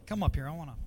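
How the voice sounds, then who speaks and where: A man's voice: on the high side, warm tone, a little hiss or hum. A youth pastor, a man, giving a heartfelt farewell tribute at a church gathering, choked up with emotion and laughing nervously.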